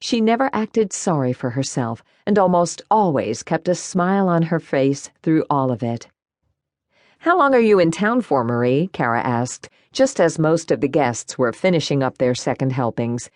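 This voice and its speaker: A woman narrating a first-person cozy mystery audiobook in an expressive, warm storytelling manner. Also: low-pitched, normal speed, few pauses, no room sound, studio quality.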